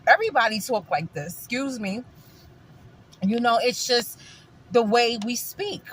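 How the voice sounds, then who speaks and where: A New York woman vlogs in her native accent, her fairly high voice a bit bright, swinging widely in pitch at a measured pace over slight background noise. She chats casually and opinionatedly, calling viewers guys, emphasizing and repeating things.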